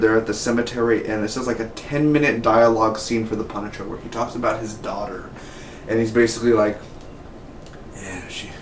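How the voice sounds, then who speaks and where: A man's voice: medium pitch, a little hiss or hum. A man giving a casual, rambling spoken review of a TV episode, constantly dropping "man" and "dude" into his sentences. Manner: rambling and laid-back, peppers talk with "man" and "dude". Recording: roomy echo, mic some distance away.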